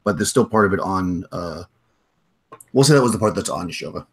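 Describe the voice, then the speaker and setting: A man with a low, husky voice narrates as game master for a tabletop game. He rambles through his descriptions, restarting phrases as he goes. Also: animated, brisk. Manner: rambling, full of restarts and fillers.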